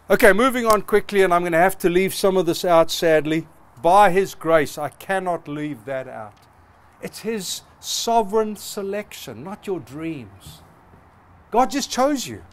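A man's voice: high voice, sing-song, a little slow. A middle-aged male pastor preaching a sermon, passionate and emphatic, building through repeated phrases. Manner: passionate, emphatic with rising repetitions.

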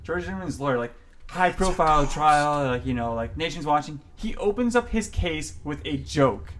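Blunt, mocking young man, slightly high. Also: lively intonation, moderate pace, fairly bright tone, a little hiss or hum. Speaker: podcast co-host. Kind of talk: casual joking chat.

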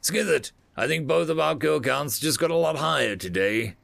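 A man's voice: a little high, lively intonation, moderate pace, gravelly, a bit bright, no room sound, pitched above the performer's own voice, heavily acted. A man voicing a cocky young male insectoid warrior who taunts and brags, reading him in a storybook-style narration. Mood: taunting. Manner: brash, taunting.

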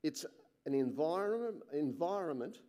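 A man's sermon moves slowly through scripture, delivered earnestly, with each phrase fading into a soft, low finish. Between readings he offers eager, contemplative side remarks.

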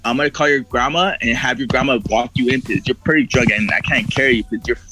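A man's voice: mid-range voice, fast talker, sharp tone, slightly rough, soft background music, low-quality recording. A man telling a long story in casual chat, swearing a lot and acting out what people said. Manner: rambling, heavy swearing, acts out quoted voices. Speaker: podcast guest.

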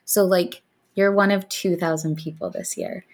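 A woman co-hosts a podcast, chatting casually and loosely with lots of fillers and frequent laughter. Her voice is fairly low, with fairly even intonation and a moderate pace.

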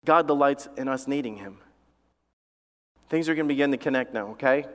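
A man's voice: medium pitch, a little fast. Impassioned male pastor in a reverberant hall. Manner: impassioned, emphatic repetition; tells family stories from the pulpit. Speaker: lead pastor. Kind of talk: sermon.

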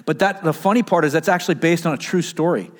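A man preaching a Sunday sermon in a relaxed, conversational manner. He sits a little high in pitch and keeps asking the congregation questions, then answers them himself. He talks through a mask that muffles him a bit. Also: fast. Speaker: pastor. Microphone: wearing a mask.

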